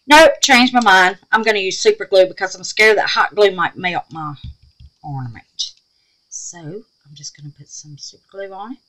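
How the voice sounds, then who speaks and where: A woman's voice: medium pitch, normal speed, low-quality recording. A woman hosting a chatty craft tutorial at home, exclamatory and affectionate with viewers. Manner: animated and exclamatory, calls viewers babies.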